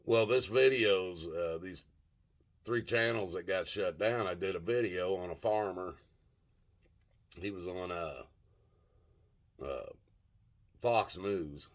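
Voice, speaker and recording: A man's voice: low voice, slow pace, pauses often. Rambling, cussing older man. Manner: rambling, profane, gropes for words with many fillers. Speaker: vlogger. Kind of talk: casual storytelling monologue.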